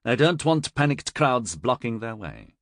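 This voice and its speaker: A man's voice: mid-range voice, big pitch swings, unhurried, creaky, no room sound. Guy reading as a cold stern commander, clipped and bossy, dry close sound. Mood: grim. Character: stern, cold older male military commander. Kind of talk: audiobook character voice.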